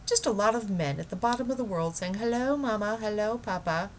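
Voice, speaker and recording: A woman reading a children's book aloud, voicing a practical, somewhat sharp middle-aged housewife. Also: medium pitch, a little hiss or hum, pitched above the performer's own voice, close to an everyday voice. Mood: dismissive. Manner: brisk, a little sharp.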